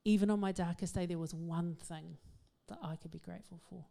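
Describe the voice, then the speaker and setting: A middle-aged woman, giving a humorous, self-mocking talk to an audience in an animated storytelling manner. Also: on the low side, brisk, creaky. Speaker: speaker.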